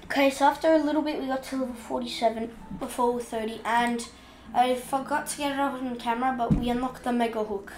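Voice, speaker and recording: High-voiced woman chatting over gameplay. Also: fairly even intonation, brisk, reverberant, background noise. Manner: chatty, scolds the game's fish out loud. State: has the hiccups. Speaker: gaming video host. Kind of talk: casual gameplay commentary.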